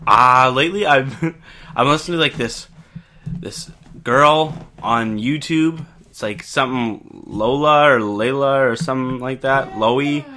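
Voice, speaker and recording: A man's voice: medium pitch, a little slow, sharp tone, slight background noise. A man co-hosting a podcast, telling a ghost story in casual chat, rambling with lots of fillers and swearing. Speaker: podcast co-host.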